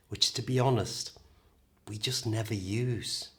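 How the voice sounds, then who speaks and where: A man with a British accent teaching a pronunciation lesson, modelling each word slowly and clearly. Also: on the low side, expressive. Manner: slow, clear, modelling words for the learner. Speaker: English teacher.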